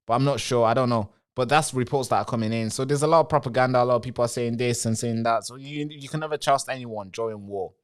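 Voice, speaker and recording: A man's voice: mid-range voice, quick pace, few pauses, clean tone. Male live-streamer, rambling commentary straight to viewers, answers chat. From Britain.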